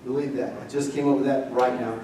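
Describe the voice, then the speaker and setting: A young man preaching a lively, conversational sermon as pastor, leading the congregation in call-and-response. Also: mid-range voice, fast talker, a little hiss or hum. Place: church sanctuary. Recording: roomy distant church mic.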